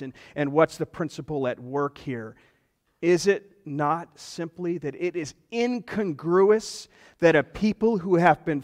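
Preaching in a large hall, a pastor speaks with a fairly high-pitched voice. His sermon is earnest and full of emphasis.

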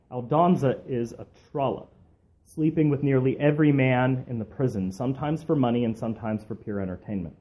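A man's voice: medium pitch, mellow. A man preaching a sermon with earnest emphasis that rises to fervor.

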